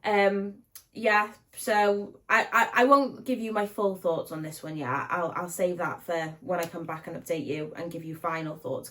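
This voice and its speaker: A woman's voice: medium pitch, a bit bright. A young British woman chatting at home in a casual book vlog, bubbly and gushing, with lots of likes and ums. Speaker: book vlogger.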